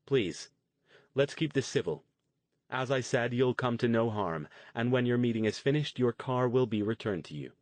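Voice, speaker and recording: A man voicing a composed henchman who speaks in a calm, polite, unruffled way. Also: mid-range voice, moderate pace, dry recording, voice pushed up, lightly acted. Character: smooth composed male henchman in a suit.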